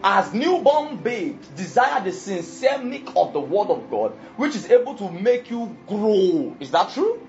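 Speaking at medium pitch, this preacher is very animated yet unhurried, a little mellow, and rarely pauses. The sermon is emphatic, with frequent questions checking that the congregation is following, over soft background music on a dull lo-fi recording.

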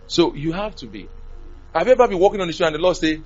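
A man preaching a sermon, animated, swinging from loud to soft. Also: fairly high pitch, fast, dull audio.

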